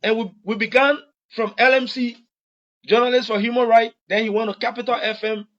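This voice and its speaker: Former official, Liberian English accent, unusually high-pitched man, repetitive heartfelt apology, muffled lo-fi recording. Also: level tone, brisk, a bit bright. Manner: earnest, repetitive, pleading. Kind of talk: public apology statement.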